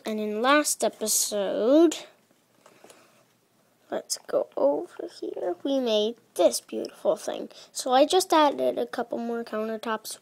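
Woman, gaming vlogger, fairly high voice, gravelly, halting casual commentary, desk mic. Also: no room sound. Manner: chatty, halting, often drops to a hush. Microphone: own desk microphone.

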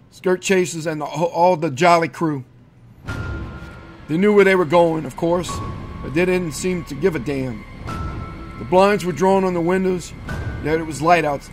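A male narrator reading a horror story aloud in a measured, steady storytelling manner. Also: a little high. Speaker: audiobook narrator.

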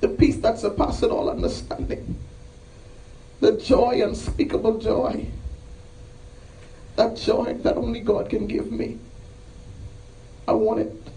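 A man's voice: extremely high pitch, level tone, slow pace, pauses often, dark tone, a little hiss or hum. A man preaching a sermon and calling people to the altar, impassioned and repetitive, with rising emphatic cries. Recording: voice from a distance off the mic.

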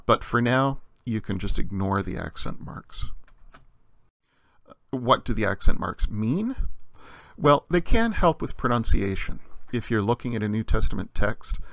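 A man's voice: on the low side, vocal fry, a bit bright, no echo. A man teaching a recorded language lecture, explaining patiently with frequent filler sounds.

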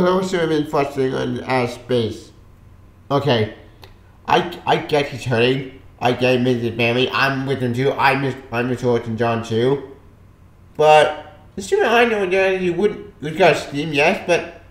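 A man reviewing a comic book in a frustrated, exasperated rant, breaking into sudden loud outbursts. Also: mid-range voice, expressive, moderate pace. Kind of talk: ranting video review. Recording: echoey room.

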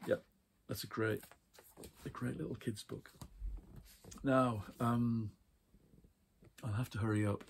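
A man casually chatting about books from his shelves, rambling warmly with fillers and small laughs. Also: mid-range voice, fairly even intonation, slow, creaky, long pauses, a little hiss or hum. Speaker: book vlogger. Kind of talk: casual book chat and reading aloud.

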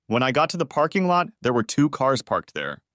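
A man narrating a dramatic first-person story in an expressive way, close to the mic. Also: medium pitch, brisk, no echo.

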